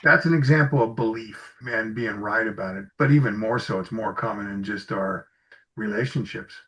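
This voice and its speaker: This man's voice sits on the low side with a slightly bright quality, moving at normal speed. Interviewed as an executive coach, he shares anecdotes in an easygoing, conversational way and acts out snippets of dialogue. The audio is slightly muffled.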